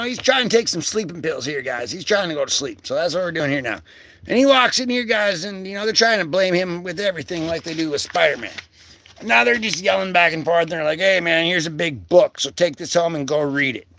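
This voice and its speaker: A man with a high, creaky, sharp-toned voice hosts a casual livestream, recorded with no room sound. He rambles through comic pages in slangy, filler-heavy talk, greeting chat viewers and addressing them by name.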